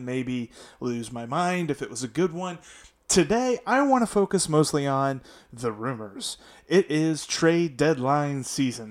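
A man hosting a sports podcast alone, talking in a chatty, upbeat and self-deprecating way. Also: on the high side. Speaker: podcast host. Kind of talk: casual solo sports podcast monologue.

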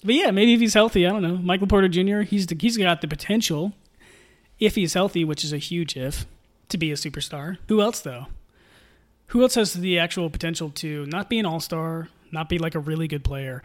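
Animated young man hosting a sports podcast. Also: sits high, brisk. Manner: animated, joking, laughs often. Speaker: podcast host. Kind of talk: solo sports podcast analysis.

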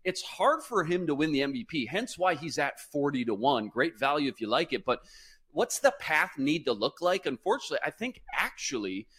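A man co-hosting a sports podcast, laying out a measured, reasoned argument. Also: fairly high pitch, big pitch swings, fairly bright tone, breathy edge. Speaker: podcast co-host. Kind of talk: sports analysis talk.

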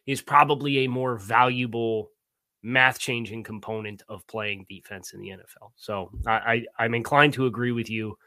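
This is a man with a Philadelphia accent co-hosting a football podcast. His voice is bright and forceful, and he talks in quick, animated bursts. The recording is dry and close to the mic. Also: medium pitch, no echo. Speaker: podcast co-host, football analyst. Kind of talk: casual sports chat.

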